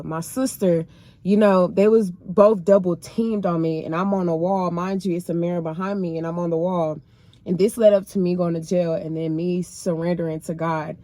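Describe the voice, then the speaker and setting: Woman telling her testimony to the camera, lowish voice, emotional and chatty, dry close sound. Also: darkish tone, no room sound. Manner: emotional, colloquial, addresses viewers as y'all. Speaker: person sharing her faith testimony. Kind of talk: casual personal storytelling.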